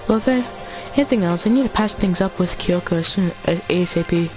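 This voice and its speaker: A woman's voice: lowish voice, moderate pace. A woman reads a game's dialogue aloud as she plays, tripping over words and restarting them. She talks in a casual, unpolished way, with faint music underneath. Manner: stumbling, restarts words while reading. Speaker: let's player. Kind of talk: reading game dialogue aloud.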